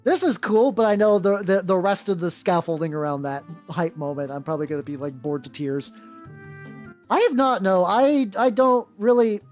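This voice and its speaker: A woman's voice: fairly low pitch, normal speed, a little mellow. A young adult woman streaming as a VTuber, chatting casually while she paints miniatures, rambling with lots of "like" and free swearing. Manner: rambling, swears freely, heavy on fillers like "like". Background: faint background music.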